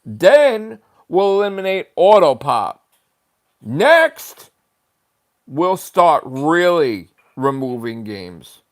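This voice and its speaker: A man's voice: on the high side, sing-song, extremely slow, full character voice. A man mocking a smug preppy schemer. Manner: mocking, sing-song.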